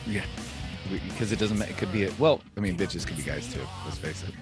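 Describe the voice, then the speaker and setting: A male podcast co-host tells jokes in a relaxed, chuckling manner. His voice sits on the low side, and music plays clearly behind him. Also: fast. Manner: laid-back storyteller, chuckling. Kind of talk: casual joke-telling chat.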